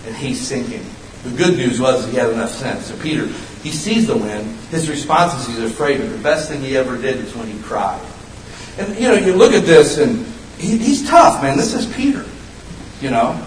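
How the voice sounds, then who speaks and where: A man preaching a sermon, swinging between loud, high bursts and low, hushed lines. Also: big pitch swings, normal speed, slight background noise. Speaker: pastor. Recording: roomy echo, mic at a distance.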